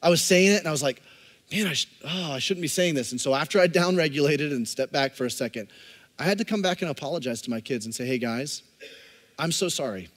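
A man's voice: fairly high pitch, expressive, fast, big-room sound. A man, a pastor, preaching a sermon with impassioned emphasis and speaking directly to his congregation.

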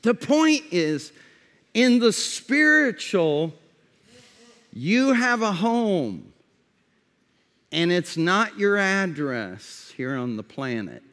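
Male pastor, high voice, slow conversational sermon, hall reverb. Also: big pitch swings. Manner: conversational preaching with repeated false starts; drops to a soft, slow voice for reflective questions.

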